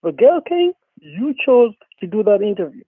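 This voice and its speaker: A man's voice: high-pitched, very animated, moderate pace, slightly rough, no room sound. A man calling in to a talk show, ranting with a profane, repetitive, worked-up manner. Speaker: caller. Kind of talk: angry phone-in rant. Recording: tinny phone line.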